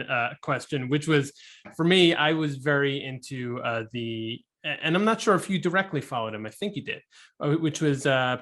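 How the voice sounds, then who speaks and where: Male host with a bright, forceful tone, halting delivery, lots of ums and you-knows. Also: a little high. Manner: hesitant, heavy with fillers. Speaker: podcast host, interviewer. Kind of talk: conversational interview questions.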